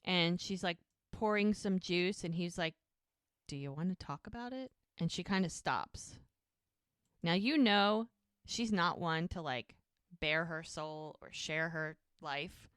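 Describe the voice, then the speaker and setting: Slow and smooth, this woman's lowish voice comes through a clean, dry studio recording. Co-hosting a podcast, she chats casually through show scenes and acts out what the characters say with lively voices.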